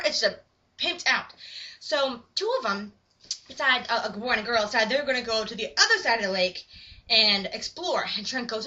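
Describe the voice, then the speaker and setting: A woman's voice: high-pitched, sharp tone. A young woman casually retelling a horror movie, acting out the sound effects and bits of dialogue. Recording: muffled lo-fi recording.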